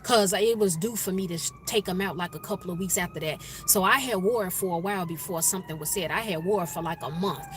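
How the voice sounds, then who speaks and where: Woman vlogger, lively storytime talk, slight background hiss. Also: on the low side, fast talker, hardly any pauses. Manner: animated storyteller, acts out coworkers' voices. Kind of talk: casual storytime chat to viewers. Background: faint street noise, passing sirens.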